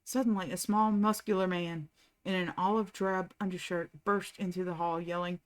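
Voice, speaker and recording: A woman reading a novel aloud at a steady, unhurried pace, as the host of a reading channel. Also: on the low side.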